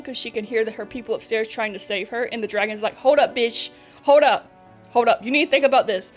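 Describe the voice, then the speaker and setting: A young woman streamer hosting a podcast, retelling a book plot casually with swearing and acted-out dialogue. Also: a little high. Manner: animated storyteller, swears casually, acts out dialogue. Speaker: podcast host, vtuber. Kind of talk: casual book recap chat.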